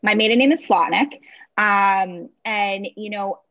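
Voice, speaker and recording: A woman's voice: medium pitch, unhurried, fairly bright tone, dry recording, lo-fi sound. A woman in her late twenties from the Boston area, speaking in a neutral voice as an articulate, upbeat podcast guest. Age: late 20s. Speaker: podcast guest, marketing director. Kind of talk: casual interview chat. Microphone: remote call.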